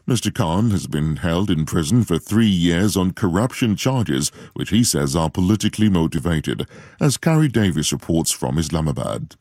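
Deep-voiced male radio newsreader. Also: big pitch swings, darkish tone, no echo, clean studio sound. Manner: measured, formal delivery. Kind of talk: radio news bulletin reading.

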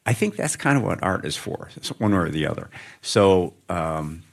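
Very deep-voiced man musing on stage. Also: sing-song, normal speed, vocal fry. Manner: thoughtful, rambling, frequent restarts. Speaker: author. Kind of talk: live on-stage interview. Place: stage before student audience.

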